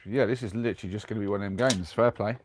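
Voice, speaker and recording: A man's voice: on the low side, racing, slight background noise. A young man with a cold, chatting casually on a live stream from inside his camper van, rambling along and reading out viewer comments. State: has a cold.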